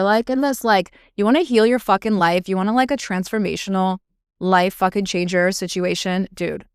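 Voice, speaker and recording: A woman's voice: medium pitch, clear, resonant tone, no room sound, clean studio sound. A young woman hosting a podcast, telling a personal story in a gushing, casual way, peppered with "like" and swearing. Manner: gushing, heavy filler "like", frequent swearing. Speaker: podcast host.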